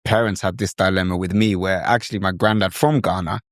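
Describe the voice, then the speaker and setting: A man's voice: deep voice, steady tone, fairly quick, no room sound, clean studio sound. A man hosting a podcast in conversation, thoughtful and searching for words with frequent fillers.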